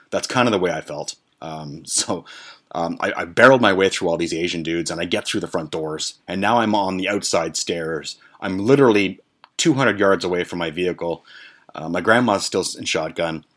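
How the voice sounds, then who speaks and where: A man with a low, deep voice tells a story in a loose, casual rant. He swears freely and keeps stumbling through fillers and restarts as he goes. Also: fairly bright tone. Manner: profane, rambling, with many fillers and restarts. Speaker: podcast host.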